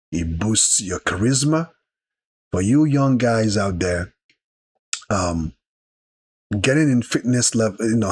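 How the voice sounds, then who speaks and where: A man's voice: on the low side, breathy edge. A man vlogger giving an earnest, repetitive motivational talk straight to his viewers.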